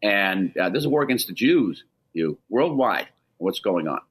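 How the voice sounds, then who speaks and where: This is a man with a husky, slightly low voice being interviewed on radio. He speaks with urgent insistence and frequently stops and restarts his sentences. He pushes every point hard. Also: big pitch swings, normal speed. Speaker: ambassador, interview guest.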